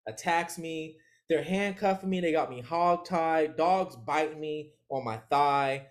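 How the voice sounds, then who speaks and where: A man with a slightly raised voice tells a story as an interview guest. He keeps it loose and animated, laughs often, and slips into quick voices for other people's lines. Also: a little high. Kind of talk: casual storytelling.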